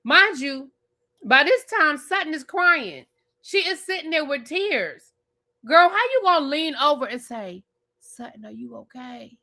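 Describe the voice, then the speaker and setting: Bright-voiced woman ranting about TV. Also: high voice, unhurried. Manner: animated, blunt and profane, talks straight at the show's cast. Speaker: TV show reviewer and channel host. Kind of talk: live rant and review.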